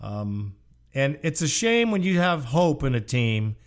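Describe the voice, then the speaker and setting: A man's voice: medium pitch, very animated, measured pace. A man hosting a call-in sports radio show, greeting callers in a friendly, casual way.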